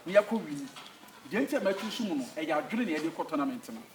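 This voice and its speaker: In a comedy sketch, a Ghanaian-accented man plays a football coach who barks orders and switches between Twi and English. His voice sits on the higher side, lively and fast. The recording is echoey and distant, with faint noise.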